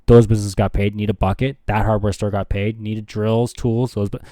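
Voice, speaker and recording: A man's voice: on the low side, level tone, brisk, dark tone, no room sound. Chatty man telling stories in a dry room. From Canada. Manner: storytelling, acts out both sides of conversations. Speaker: podcast host, realtor. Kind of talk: casual chat. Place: house under renovation.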